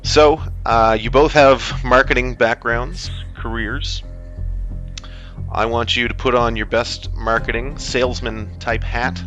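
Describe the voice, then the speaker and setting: A man's voice: mid-range voice, steady tone, slow, fairly bright tone, highs cut off, soft background music. A Canadian man hosting a casual live-stream show, full of joking, upbeat game-show patter. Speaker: host.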